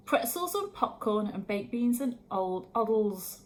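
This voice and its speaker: A woman's voice: a little high, sing-song, measured pace, hardly any pauses. A woman reading a rhyming children's picture book aloud expressively, adding her own comments. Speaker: storyteller.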